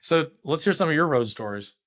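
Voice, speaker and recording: A man's voice: fairly high pitch, expressive, brisk, a bit bright, dry recording, clean studio sound. A man hosting a casual chat, a laid-back storyteller who acts out the people in his tales. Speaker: podcast host.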